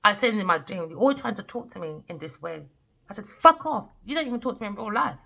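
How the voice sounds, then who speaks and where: A woman's voice: medium pitch, animated, fast, gravelly, sharp tone, dull audio. A woman giving a casual tarot reading, talking bluntly and animatedly and swearing freely. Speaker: tarot reader.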